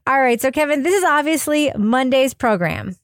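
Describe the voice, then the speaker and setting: A woman hosting a podcast, upbeat and quick to laugh as she introduces her guests. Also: high voice, expressive, no echo, clean studio sound. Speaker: podcast host. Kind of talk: casual chat.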